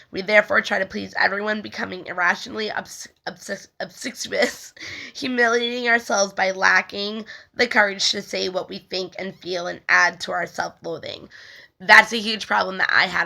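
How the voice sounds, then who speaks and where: A woman's voice: lowish voice, creaky, bright, forceful tone. A young woman reading a spiritual text aloud and talking casually about it, rambling with many fillers and stumbling over words. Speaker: spiritual healing video host.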